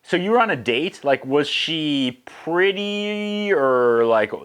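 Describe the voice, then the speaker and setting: A man voicing a spirited young English heroine in a high, excited, girlish tone. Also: slow, clean tone.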